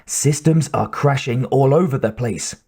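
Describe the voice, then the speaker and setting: A man doing a worried, hushed engineer. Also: mid-range voice, measured pace, breathy edge. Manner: hushed, urgent. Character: worried male chief engineer, urgent.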